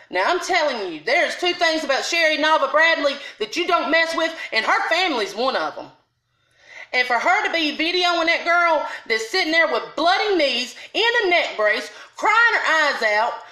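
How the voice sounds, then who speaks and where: A woman's voice: high voice, sing-song, normal speed, sharp tone, reverberant, rough recording. A middle-aged woman ranting heatedly and bluntly to camera about a confrontation, in casual dialect grammar. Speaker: vlogger. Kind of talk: angry storytime rant to camera.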